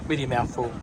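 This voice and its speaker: Excitable Australian man on a noisy outdoor vlog. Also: medium pitch. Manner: chatty and excitable, laughs often. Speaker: vlogger. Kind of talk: casual travel vlog narration. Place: outdoors in a country town and farmland. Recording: noisy outdoor handheld recording.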